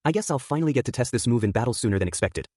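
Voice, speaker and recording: A man's voice: medium pitch, animated, very fast, warm tone, no echo, clean studio sound, natural voice. A man reading a fan story, voicing a determined, defiant teenage boy hero in an earnest tone.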